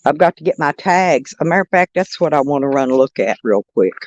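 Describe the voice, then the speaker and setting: A woman's voice: low-pitched, lively intonation, quick pace, no room sound. A woman chatting casually on a live stream, rambling and greeting viewers by name. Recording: dull dry lo-fi sound.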